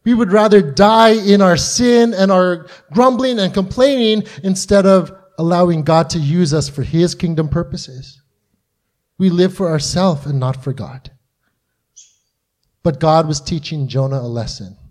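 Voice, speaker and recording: High-voiced man preaching a sermon. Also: measured pace, a little mellow. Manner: earnest, acts out quoted voices with rising intensity.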